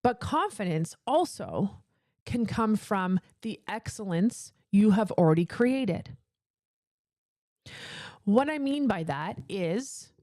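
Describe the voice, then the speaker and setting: A woman's voice: medium pitch, a little mellow, no room sound. A woman business coach giving a motivational talk into a close microphone, with a casual, chatty manner and an emphatic, repetitive cadence. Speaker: business coach for female entrepreneurs.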